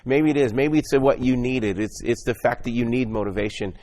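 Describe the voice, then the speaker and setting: A man's voice: medium pitch, moderate pace, a little mellow. A man delivering an earnest, exhorting motivational sermon, often repeating and restarting his words as he speaks.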